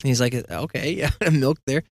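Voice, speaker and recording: A podcast host with a mid-range voice and lively intonation rambles through a long, meandering story at normal speed. He's casual and self-deprecating, acting out the conversations he recounts, and the recording is dry.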